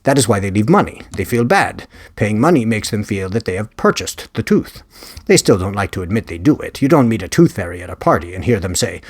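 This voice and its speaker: A man's voice: on the low side, big pitch swings, a little fast, husky, no room sound, studio quality, full character voice. A man voicing an eccentric, earnest male investigator with a faint Spanish accent, lecturing about his theories. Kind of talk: audiobook character reading.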